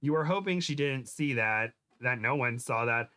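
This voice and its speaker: Host type, male, mid-pitched, reads fanfic aloud for laughs, trips over words. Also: expressive, pushed and bright. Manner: reads aloud with stumbles and giggles, quick voice shifts for quotes. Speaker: podcast host reading fan fiction aloud. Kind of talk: comedic dramatic reading.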